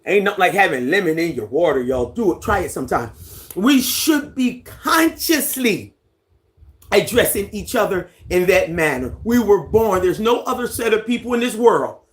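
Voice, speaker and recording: A livestream host who has lived on a Caribbean island for ten years, chatting casually with viewers at home and reading out their comments in an unhurried way. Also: medium pitch. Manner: relaxed, unhurried, greets and reads out viewer comments. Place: at home, indoors, near a fan.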